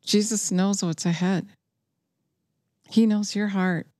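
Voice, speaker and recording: A woman's voice: mid-range voice, steady tone, slow pace, warm tone, no echo. A woman preaching a sermon, earnest and urgent, telling listeners what she says she has heard and urging them to act.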